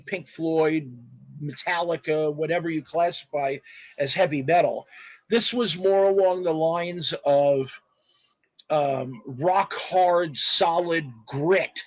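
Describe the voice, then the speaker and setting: A man telling stories as a guest in a casual interview, animated and rambling, with spoken sound effects. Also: a little high, no room sound. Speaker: guest artist. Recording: dull lo-fi dry audio.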